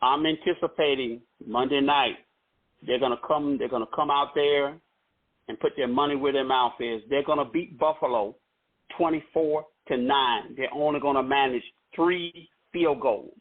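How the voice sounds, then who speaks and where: A man's voice: medium pitch, normal speed. A man calling in to a sports talk show, confident and friendly, full of slang and laughs. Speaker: caller. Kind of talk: casual sports call-in. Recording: phone-like line.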